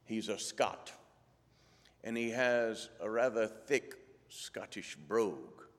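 A man reading scripture and telling an anecdote as a church lay speaker, in a measured, deliberate way. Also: lowish voice, lively intonation. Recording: long hall reverb.

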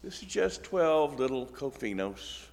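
A man's voice: medium pitch, very animated, measured pace, vocal fry. A middle-aged man preaching a sermon, telling the story in a folksy way with acted asides. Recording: long reverb in a large hall.

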